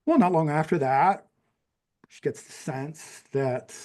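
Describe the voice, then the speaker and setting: A man's voice: a little high, takes it slowly, warm tone. A man in his fifties from New Mexico with a general American accent, a podcast guest telling a personal story in a rambling way, with many fillers and restarts. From New Mexico, USA. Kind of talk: conversational storytelling.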